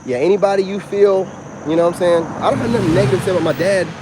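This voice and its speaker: A man, rambling through a personal story in a casual, animated monologue. He keeps coming back to "you know what I'm saying". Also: high-pitched, racing, noisy background. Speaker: self-styled spiritual vlogger.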